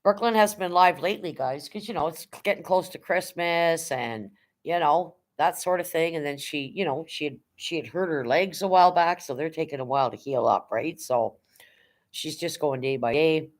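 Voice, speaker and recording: A woman's voice: sits low, normal speed. A middle-aged woman hosting a casual livestream, rambling about her past jobs and greeting viewers by name, blunt and now and then swearing. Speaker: livestream host.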